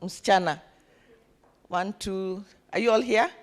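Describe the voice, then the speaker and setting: A woman's voice: mid-range voice, unhurried. A woman, coaching a summit session in a conference room and getting the audience to repeat words after her. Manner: animated, calls on the audience to repeat words, counts attendees. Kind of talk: lively live event hosting.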